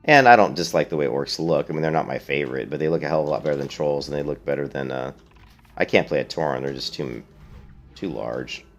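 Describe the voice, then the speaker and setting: With soft background music behind him, a man of extremely low pitch talks fast as he streams a game. His let's-play commentary is casual, and he answers viewers' questions bluntly and opinionatedly.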